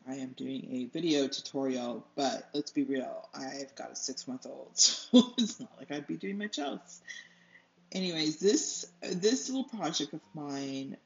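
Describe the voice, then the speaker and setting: A woman's voice: low voice, creaky, slight background noise. A young woman hosting an art tutorial, chatting casually while she paints at home, rambling, losing her train of thought and laughing often. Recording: slightly dull lo-fi sound.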